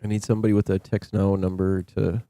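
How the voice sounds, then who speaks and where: A man's voice: low voice, little pitch movement, fast talker, mellow, no room sound, studio quality. A man hosting a scam-baiting livestream, chatting casually and rambling while he thanks viewers for gifted subs.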